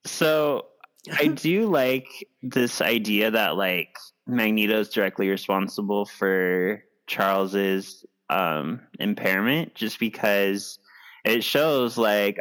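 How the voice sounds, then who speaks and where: A man co-hosting a movie podcast, calmly explaining his opinions in casual chat. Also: lowish voice, takes it slowly. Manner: thoughtful, explains his views with many "like"s. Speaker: podcast co-host.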